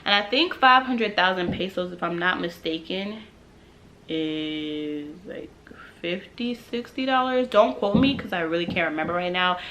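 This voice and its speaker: A woman's voice: fairly low pitch, unhurried, a bit bright, low-quality recording. A young woman vlogger telling a storytime tale in a casual, slangy way, acting out quotes and laughing along.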